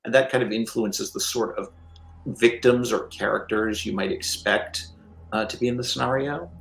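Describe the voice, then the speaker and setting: A man talking through game design ideas on a live stream, measured and leaning on "you know" fillers. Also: medium pitch, vocal fry, a bit bright, reverberant, low-quality recording. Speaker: line developer and game designer.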